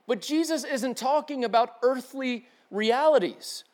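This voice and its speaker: A man's voice: very high voice, sing-song, normal speed, few pauses, a little mellow. A man preaching a sermon in a casual, slangy way, acting out the people he quotes. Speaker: pastor.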